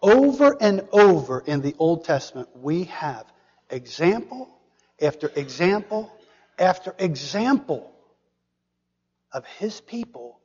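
A man preaching a sermon, asking the congregation questions and dropping to a hushed whisper for emphasis. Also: high voice, breathy edge, in a large hall, lo-fi sound. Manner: dramatic, drops to a hushed whisper for emphasis, asks the audience questions.

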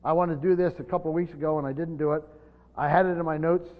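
A fairly high-voiced man teaches scripture, talking it through conversationally and restarting phrases as he explains. The recording is dull and lo-fi, with a long reverb trailing his voice. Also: fairly even intonation, fast. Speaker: Bible teacher. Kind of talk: Bible study teaching.

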